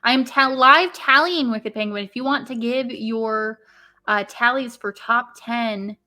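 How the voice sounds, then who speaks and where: A woman's voice: on the high side, a little slow, sharp tone. A young woman co-hosting a casual live stream, rambling and swearing as she tallies votes. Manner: rambling, swearing, tallying aloud. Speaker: podcast co-host.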